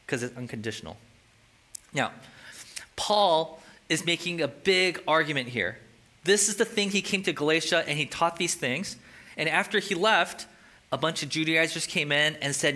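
A male pastor preaching a sermon in an animated, conversational way with frequent jokes. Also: fairly high pitch, moderate pace.

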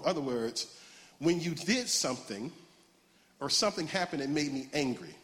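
A man preaching, his voice sitting high. He banters playfully with the congregation between points, and his words ring out with a long reverb through a large church hall. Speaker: pastor. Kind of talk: sermon.

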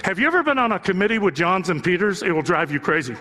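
A man's voice: high-pitched, very animated, quick pace, sharp tone. A man preaching a sermon as pastor, talking conversationally and joking with the congregation, asking them rhetorical questions. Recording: long reverb from a large hall.

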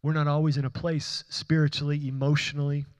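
A man's voice: a little high, level tone, fairly quick, smooth. A man preaching a sermon, speaking in an earnest, conversational way with frequent restarts. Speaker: pastor.

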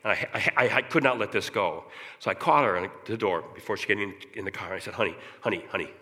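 A man giving an emotional personal recovery testimony, earnest and halting, repeating words when moved. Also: fairly low pitch, bright, forceful tone, in a large hall.

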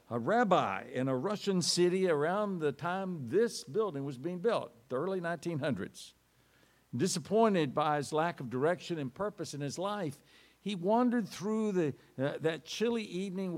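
Animated male preacher reading scripture. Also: gravelly. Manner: dramatic storytelling with sweeping pitch swings. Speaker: pastor. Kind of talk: sermon.

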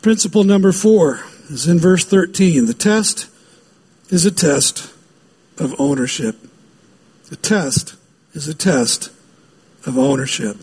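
A man's voice: sits high, unhurried, darkish tone, slightly rough. A man preaching a sermon as pastor, emphatic and given to repeating key phrases.

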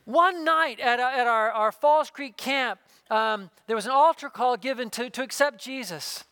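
A man preaching a sermon, earnestly telling a personal story and dropping to a hushed voice in its intimate moments. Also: extremely high pitch, unhurried, smooth, dry recording. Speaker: pastor.

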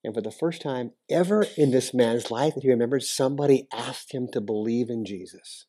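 A pastor in a church sanctuary preaches fairly quickly in a mid-range voice, hardly pausing. He chats casually with the congregation before building to emphatic, near-shouted appeals.

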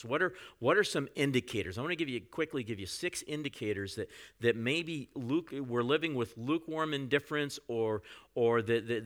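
A man delivers a sermon from the pulpit in a relaxed, conversational way. His voice is bright and forceful, and his pitch sits in the middle range for a man. He often breaks off into asides to the congregation as he preaches. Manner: conversational preaching, frequent "you know" asides. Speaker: pastor.

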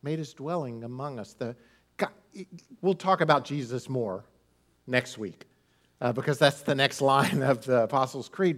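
Animated, lively-voiced male pastor preaching. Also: on the high side. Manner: animated, humorous preaching with laughs and asides. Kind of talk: sermon.

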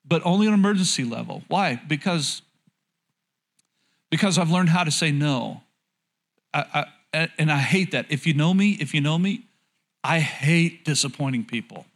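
A man with a somewhat high voice delivers a sermon in a conversational, candid tone. He often repeats phrases and throws questions out to the congregation. A light, joking manner runs through his preaching. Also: lively intonation, fairly quick, a bit bright. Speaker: pastor.

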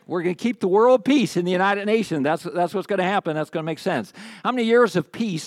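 A male pastor preaching to his church, his voice sitting a little high for a man. He keeps it lively and playful, tossing trivia questions to the congregation. The sound is close and dry, with little room echo. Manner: lively, joking with the congregation, asks quiz questions. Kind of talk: sermon. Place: church sanctuary.

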